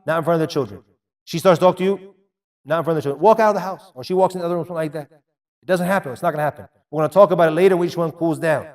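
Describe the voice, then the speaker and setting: A man preaching a sermon, emphatic and repetitive, dropping into quieter asides. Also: a little high, recorded from a distance. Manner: emphatic, repeats phrases, drops to quiet asides. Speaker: Islamic preacher.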